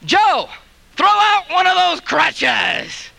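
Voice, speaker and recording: A man's voice: extremely high pitch, very animated, extremely slow, gravelly, pushed and bright, voice pushed up, exaggerated voice. A man voicing a timid but showy male healing evangelist who calls out to a crowd. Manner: preachy, calling out to a crowd.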